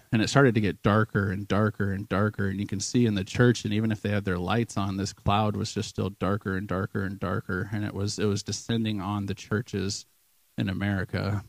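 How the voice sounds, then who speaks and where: Low, gravelly man sharing at church. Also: darkish tone, no echo. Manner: halting and conversational, many ums and restarts. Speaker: church member sharing a vision. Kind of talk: informal sermon testimony.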